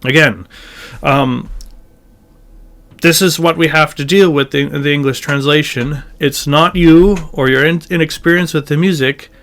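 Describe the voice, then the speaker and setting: A man teaching church chant in a relaxed lesson, explaining syllable emphasis and singing short examples. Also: fairly high pitch. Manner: thoughtful, slow, demonstrating chant phrases by singing. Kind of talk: informal music lesson with sung examples.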